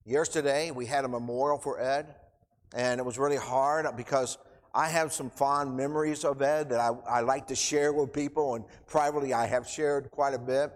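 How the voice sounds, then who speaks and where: Choked-up man preaching in a reverberant hall. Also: mid-range voice. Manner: emotional, choked up, rambling with restarts. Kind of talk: informal sermon. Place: church hall. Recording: long church reverb.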